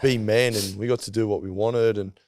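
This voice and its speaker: Aussie footballer guest, easygoing, low voice, dry close sound. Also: male voice, steady tone, brisk, a little mellow, dry recording. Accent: Australian. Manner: laid-back storytelling, swears, laughs mid-sentence. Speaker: podcast guest, rugby league player. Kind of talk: casual chat. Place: podcast studio.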